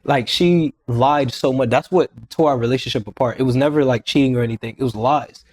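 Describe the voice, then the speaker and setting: Telling a personal story as a guest on a podcast, this young man keeps it casual and animated, often quoting dialogue and going back over the same points. He speaks fairly quickly in a mid-range voice, and the recording has no room sound.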